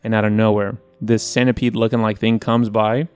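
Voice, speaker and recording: A man co-hosting a casual podcast, telling stories in an animated, profane way and acting out his own quotes. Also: fairly low pitch, fairly quick, smooth. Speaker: podcast co-host, wine presenter. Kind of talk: casual chat.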